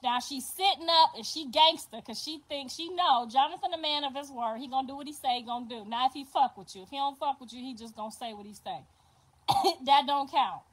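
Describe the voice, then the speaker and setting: An older woman with a high-pitched voice spins a story for her livestream viewers. She is animated and profane, repeating points for emphasis. Her talk is loose and casual. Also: brisk. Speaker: livestream host.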